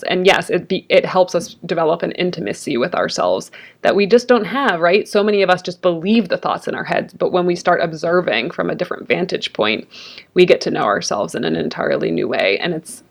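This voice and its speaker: A woman's voice: on the low side, creaky. A woman guest speaking in a reflective, earnest way, with frequent fillers. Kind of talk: conversational interview.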